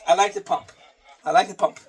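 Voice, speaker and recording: A man's voice: high-pitched, steady tone, fairly quick, distant mic, faint music behind. A man talking casually through his day and a workout, repeating phrases and swearing offhand. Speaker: vlogger.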